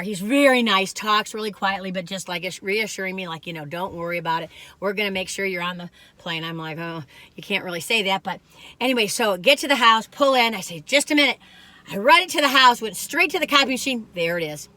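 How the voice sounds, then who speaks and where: Older woman vlogger, bright, rambling storyteller. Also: mid-range voice, dry recording. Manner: chatty and rambling, acts out quoted voices. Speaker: food reviewer vlogger. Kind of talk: casual storytelling chat to camera.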